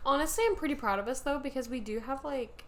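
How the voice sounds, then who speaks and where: A woman's voice: high voice, fast talker. A young woman co-hosting a podcast, talking in a chatty casual way full of "like" fillers. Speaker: podcast co-host. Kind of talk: casual chat.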